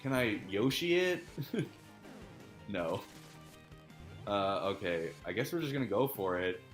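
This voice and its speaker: A man live-streaming a game, chatting casually, laughing often, swearing and shouting at tough jumps. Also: fairly low pitch, animated, unhurried, echoey room, faint music behind. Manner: swears a lot, laughs often, loud outbursts while playing. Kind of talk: casual gaming stream chat.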